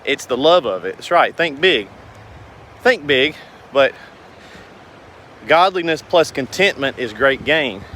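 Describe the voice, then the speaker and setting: A man's voice: medium pitch, lively intonation, slow pace, pauses often, a bit bright, slight background noise. A man, talking casually to his viewers in a rambling, earnest, folksy way. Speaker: business owner vlogger. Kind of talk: casual talk to camera.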